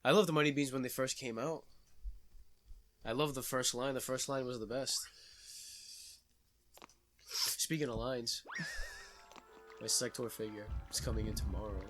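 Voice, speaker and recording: A man's voice: medium pitch, steady tone, normal speed, long pauses, fairly bright tone. Laid-back man over game music. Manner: laid-back, short replies, casual swearing. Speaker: let's play co-host. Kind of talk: casual gaming chat.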